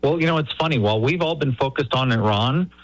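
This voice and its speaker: A man's voice: mid-range voice, fast, no room sound, poor audio. A man talking politics as a guest, emphatic, often repeating words as he starts a sentence. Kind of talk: animated political talk.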